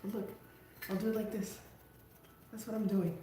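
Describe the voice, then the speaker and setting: Female craft livestream host, casual and self-deprecating, mid pitch, roomy sound. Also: little pitch movement, moderate pace, mellow, slight background noise. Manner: chatty, self-mocking, talks to viewers while working. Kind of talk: casual live craft stream chat.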